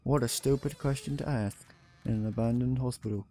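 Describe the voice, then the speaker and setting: A man's voice: mid-range voice, steady tone, brisk, mellow, a little hiss or hum. A man hosting a horror game playthrough, reading notes aloud and yelping and swearing when startled. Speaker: gameplay video host. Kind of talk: horror game let's play commentary.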